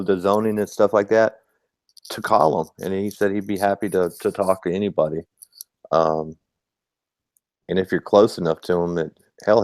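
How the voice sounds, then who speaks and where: A man's voice: fairly low pitch, darkish tone, dry recording. A man co-hosting a live podcast, laid-back and lightly cursing while he fumbles with his screen. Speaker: podcast co-host. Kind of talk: casual live-stream chat.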